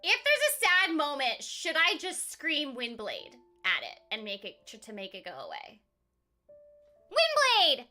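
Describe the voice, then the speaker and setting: A woman's voice: high-pitched, big pitch swings, moderate pace, few pauses, pushed and bright, soft background music. A woman voice actor chatting with viewers on a casual game stream in a bubbly, giggly way.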